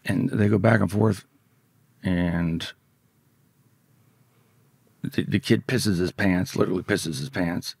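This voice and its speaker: A man's voice: low-pitched, slow pace, gravelly, long pauses, slightly rough, no echo, studio quality. A man telling a story from his past in casual, profane speech, often acting out the voices of the people in it. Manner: profane, vivid, acts out quoted voices.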